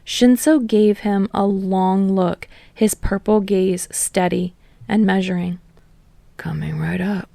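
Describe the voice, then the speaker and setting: A woman reading fan fiction aloud in steady storytelling narration. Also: medium pitch, takes it slowly, creaky, no room sound. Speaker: podfic reader.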